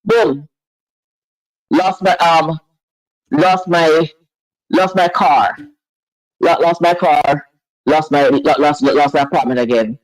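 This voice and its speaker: A woman's voice: sits low, slow, pauses often, no room sound, low-quality recording. A woman phoning in to a talk show. She speaks earnestly and stumbles, repeating and restarting her phrases. The sound is close and dry, with no room around it. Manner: emotional, earnest. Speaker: caller. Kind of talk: phone-in chat.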